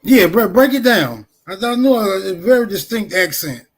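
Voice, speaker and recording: A man's voice: high-pitched, animated, normal speed, husky. Loose, profane livestream host man. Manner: loose, profane, teasing banter. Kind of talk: casual livestream chat.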